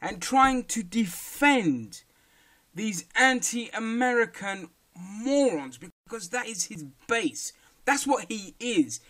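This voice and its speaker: A man with a rather high voice, speaking for himself in a fired-up commentary. He talks heatedly and bluntly, with plenty of swearing and hard emphasis. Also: animated, slow pace, bright, forceful tone. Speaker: political commentator. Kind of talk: opinion rant.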